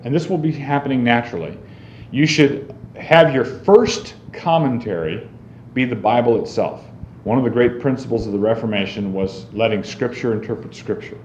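A man with a mid-range, slightly mellow voice teaches a group how to read the Bible, keeping it conversational and frequently checking in with "right?". The recording sounds roomy and a bit dull, with faint noise underneath.

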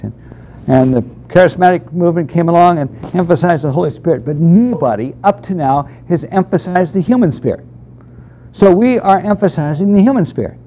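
A man's voice: sits high, lively intonation, normal speed, dark tone. A man teaching a Bible class in a conversational, emphatic way, taking questions from the room. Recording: dull lo-fi lecture recording.

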